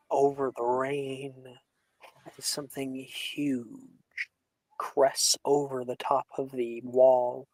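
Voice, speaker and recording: A man narrates a tabletop game as game master, in a slow, dramatic manner that drops to a hush for tension. The recording is dry and close, with no room sound. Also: mid-range voice, no echo, low-quality recording.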